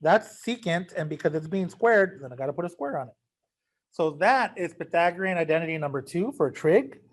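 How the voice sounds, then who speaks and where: A man's voice: a little high, lively intonation, fairly quick. A man teaching a math lesson, casual and joking, talking straight to his students. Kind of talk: recorded class lecture.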